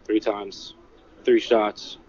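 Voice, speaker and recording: A man telling what he witnessed in a casual livestream, halting and full of "like" and "you know". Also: on the low side, flat delivery, a little mellow, lo-fi sound. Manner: halting, filler-heavy, many "like" and "you know". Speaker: eyewitness recounting an event. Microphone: phone.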